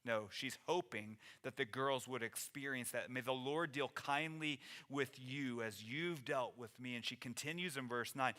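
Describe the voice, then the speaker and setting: A man's voice: medium pitch, normal speed, few pauses, sharp tone. A man preaching a sermon as pastor in a church, earnest and conversational, often restarting his phrases. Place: church sanctuary.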